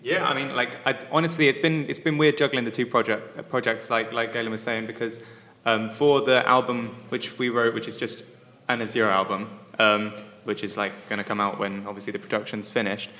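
Flat-toned male band member, bright voice. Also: mid-range voice, fairly quick, few pauses. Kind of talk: casual interview chat. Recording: reverberant hall.

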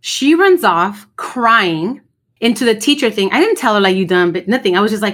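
Woman on a podcast telling stories, blunt and sweary, gets animated, mid pitch. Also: brisk. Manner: animated storyteller, blunt and profane. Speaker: podcast co-host. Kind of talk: casual chat.

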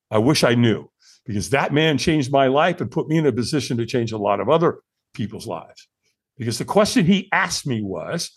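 A man in his sixties from California, a podcast guest telling a story with lively acted-out dialogue. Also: medium pitch, breathy edge. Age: 60s. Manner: animated storyteller acting out dialogue.

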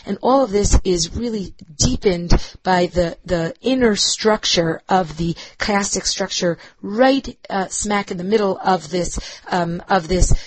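A woman's voice: mid-range voice, no room sound, rough recording. Woman teaching a Bible lecture. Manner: explanatory, with frequent fillers and checking "right?". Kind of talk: recorded lecture.

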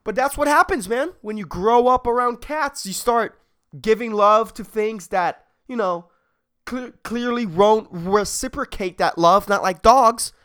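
A man's voice: high-pitched, unhurried, a bit bright, clean tone. A man hosting a solo comedy podcast, rambling and swearing, laughing at his own jokes. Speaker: podcast host.

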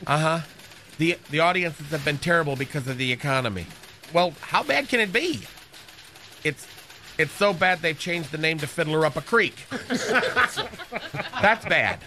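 A man's voice: fairly high pitch, animated, a little slow, pauses often, background noise. A man playing a flamboyant, catty male receptionist in a radio comedy sketch, chattering campily into the phone. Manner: campy, gossipy, one-sided phone chatter.

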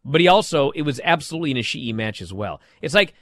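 A podcast co-host chats excitedly about wrestling, animatedly acting out moves with shouted yells. His voice is a little high and fast, recorded close on a studio microphone with no echo.

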